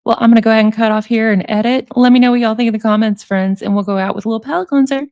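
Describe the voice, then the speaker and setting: A woman's voice: on the high side, fairly even intonation, racing, darkish tone, dry recording, studio quality. A woman reads out emails and comments on them in a chatty, wry way. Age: 40s. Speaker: commentary YouTuber.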